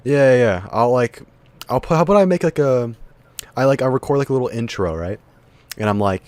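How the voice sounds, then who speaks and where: A man's voice: medium pitch, lively intonation, quick pace, a little mellow. A young man hosting a casual podcast chat, joking crudely and swearing a lot. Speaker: podcast host.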